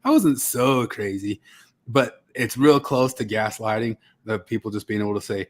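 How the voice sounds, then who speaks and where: A man's voice: fairly low pitch, moderate pace. A man co-hosting a podcast, chatting casually with laid-back storytelling and frequent laughter. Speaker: podcast co-host. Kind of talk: casual chat.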